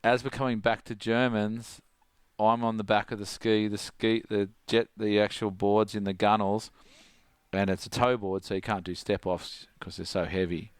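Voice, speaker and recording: A middle-aged Australian surf coach, guesting on a podcast, tells casual stories with lots of energy, laughing often and acting out his friends' voices. His voice sits fairly low and moves at a normal speed with a smooth tone, and the recording has no room sound.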